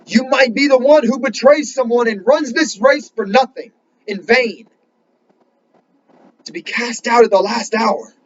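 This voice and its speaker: High-voiced man preaching urgently. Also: highs cut off, slight background noise. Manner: earnest, urgent, rising to emphatic questions; reads scripture slowly in King James wording. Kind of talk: sermon.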